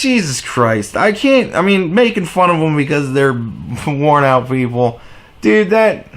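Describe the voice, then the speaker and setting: Brief: male vlogger, furious sarcastic rant, swears constantly, high voice that swings wildly. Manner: heavy profanity, sarcastic and mocking; exasperated, shifts between shouting highs and low mutters. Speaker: commentary vlogger. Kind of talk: angry political rant.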